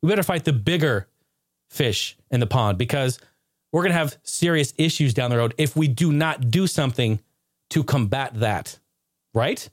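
A man's voice: medium pitch, expressive, moderate pace, no echo, studio quality, close to an everyday voice. A man playing a brash, mock-friendly male gaming executive who is upbeat and dismissive.

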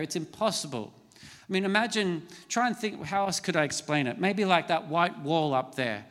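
A man's voice: a little high, a bit bright, in a large hall. A middle-aged man preaching a sermon as a pastor, conversational and storytelling, with self-mocking asides. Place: large church hall.

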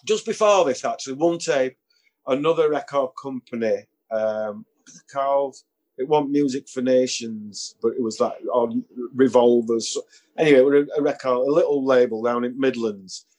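A man's voice: medium pitch, moderate pace, a little mellow. Male musician, anecdotal, chuckling, mimics people in his stories. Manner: anecdotal, chuckling, acts out quoted voices. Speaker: musician guest. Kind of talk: casual storytelling interview.

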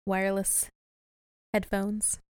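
A woman's voice: mid-range voice, completely flat delivery, slow pace, smooth, no echo, studio quality. A woman co-hosting a podcast in casual chat, chatty and laughing often as she recaps a show. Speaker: podcast co-host.

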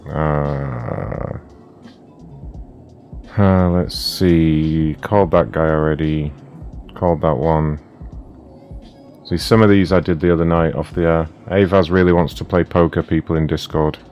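Brief: male stream host, very low voice, loose and crude, faint music underneath. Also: steady tone, unhurried, pauses often, lo-fi sound. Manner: loose, profane, joking. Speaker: prank call show host. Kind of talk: casual live-stream chat.

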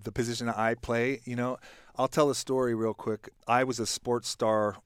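A man's voice: medium pitch, little pitch movement, normal speed, smooth, dry recording, clean studio sound. A middle-aged man talking as a podcast guest, telling a reflective story with lots of restarts and fillers. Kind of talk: casual podcast conversation.

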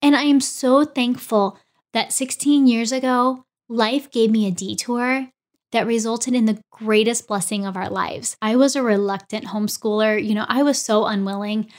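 Lively woman telling a personal story. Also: fairly high pitch, moderate pace. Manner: animated, acts out quoted dialogue. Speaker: podcast host.

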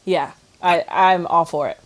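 A woman co-hosting a casual discussion podcast from home, talking in an animated way, full of fillers and emphatic agreement. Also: lowish voice, measured pace. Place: at home, dogs nearby.

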